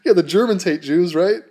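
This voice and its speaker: A man's voice: fairly high pitch, darkish tone. A man delivering a mocking, sarcastic vlog rant straight to camera. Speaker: YouTuber.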